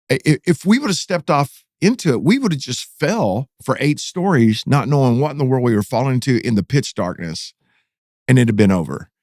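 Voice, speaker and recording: A man's voice: mid-range voice, no echo, clean studio sound. A middle-aged man with a Texan accent, a pastor telling a dramatic story in a casual podcast interview, his voice climbing as the tale builds. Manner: animated, dramatic retelling with rising excitement.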